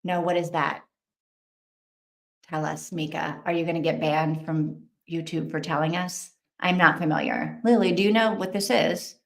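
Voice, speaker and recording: A woman's voice: lowish voice, gravelly, echoey room. A woman hosting a casual livestream, chatting, thinking aloud and reacting to viewer comments. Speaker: livestream host.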